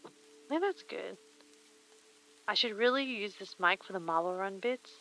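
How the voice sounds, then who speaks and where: A woman's voice: medium pitch, expressive, normal speed, pushed and bright, poor audio. A woman streamer chatting casually while she crafts, murmuring to herself and reading chat aloud on a very sensitive close mic.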